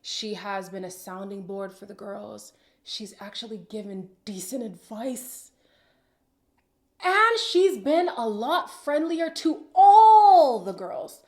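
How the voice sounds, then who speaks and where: A woman with a slightly high voice hosts a casual reaction vlog about reality TV. She is animated and opinionated, with dramatic sighs and sudden whispered asides. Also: takes it slowly. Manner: sassy and opinionated. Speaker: reality TV recap host.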